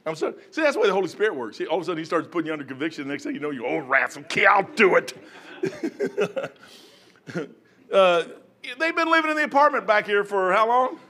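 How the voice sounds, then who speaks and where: High bright-voiced folksy preacher man. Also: very animated, racing, hardly any pauses. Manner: folksy storytelling, bursts into loud shouts when acting out prayers. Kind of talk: sermon.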